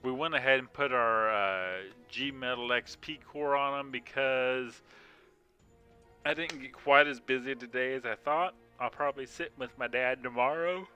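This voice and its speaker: This man's mid-range voice comes at a moderate pace, pushed and bright, with faint music in the background. He's live-streaming a mobile game from his home, rambling to viewers in casual chat full of fillers and frequent yawns.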